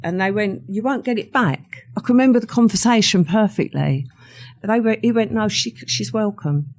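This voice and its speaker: An older woman speaks at a medium pitch and normal speed, her voice a little mellow. She is a podcast guest recounting a personal story in conversation, a vivid storyteller who acts out what other people said.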